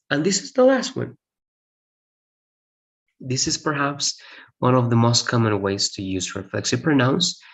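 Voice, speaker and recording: A man with a gravelly voice and a Spanish accent explains grammar to a class, pitch jumping up on key points. He keeps asking "right?" to check understanding. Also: rough recording. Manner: repeats "right?" to check understanding, lively emphasis. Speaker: English teacher.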